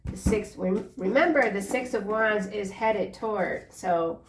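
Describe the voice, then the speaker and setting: A woman's voice: medium pitch, measured pace, roomy sound, recorded from a distance, a little hiss or hum. A woman in her forties giving a casual tarot reading, chatty and earnest, encouraging the listener and drifting into personal asides. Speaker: tarot reader.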